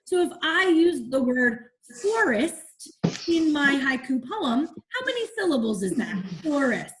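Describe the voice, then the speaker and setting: A woman's voice: high-pitched, big pitch swings, measured pace, a little hiss or hum. A woman teacher leading an online class over a video call, encouraging the children and asking them questions as she explains.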